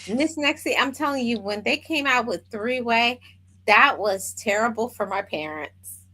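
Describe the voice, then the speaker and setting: A woman's voice: a little high, animated, moderate pace, pushed and bright. A woman co-hosting a casual chat show, teasing and playful with her co-host.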